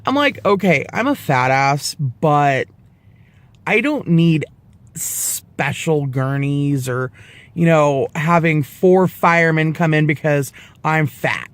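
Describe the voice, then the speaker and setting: A man in his twenties telling a personal story to camera in a casual vlog, animated and profane, acting out the people he quotes. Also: on the high side, slow pace, dry recording. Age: 20s. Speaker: vlogger.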